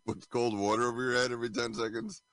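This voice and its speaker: A man's voice: medium pitch, big pitch swings, fast, gravelly, fairly bright tone, no echo. A man co-hosting a radio show, trading jokes and banter while watching a film with friends. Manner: joking, self-deprecating banter. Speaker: radio co-host.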